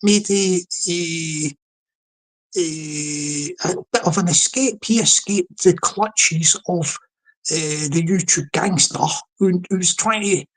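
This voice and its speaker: A Scottish man hosts a comedic livestream, chatting and rambling with many restarts and repeated words. His voice is high-pitched and slow, and the recording is rough.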